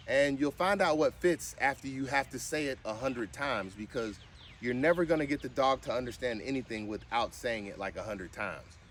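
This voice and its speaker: A man filming a casual vlog while training his service dog, mixing firm short commands with chatty explanations. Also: a little hiss or hum. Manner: firm short commands, with high sing-song cues.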